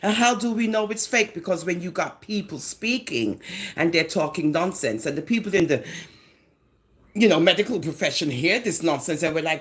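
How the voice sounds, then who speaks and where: Woman, Jamaican accent, fairly low voice, sarcastic vlog commentator, very lively intonation. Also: normal speed. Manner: sarcastic, mocking, animated. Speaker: social media commentator.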